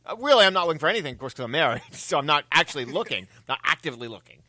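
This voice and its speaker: Man, radio co-host, lively pitch swings, bright voice, laughs at himself, dry studio. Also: racing, dry recording. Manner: self-mocking, laughing, stammering restarts. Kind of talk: casual radio banter.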